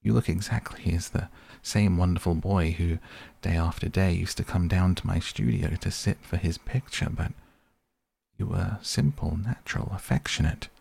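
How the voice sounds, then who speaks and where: Man doing earnest grieving painter, reproachful, very low voice, gravelly. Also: moderate pace, darkish tone, heavily acted. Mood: pained, reproachful. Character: grieving earnest male painter, middle-aged.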